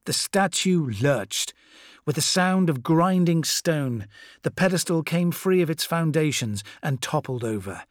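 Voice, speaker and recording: A man reading a dramatic war story aloud as the narrator, in a measured style. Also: fairly high pitch, expressive, dry recording, studio quality. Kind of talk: scripted audiobook narration.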